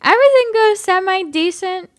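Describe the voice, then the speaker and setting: A woman voicing a drunk, indignant man from a bad date, slurring slow and ranting. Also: extremely high pitch, animated, no echo, studio quality, pitched above the performer's own voice. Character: drunk belligerent adult male creep from a bad date.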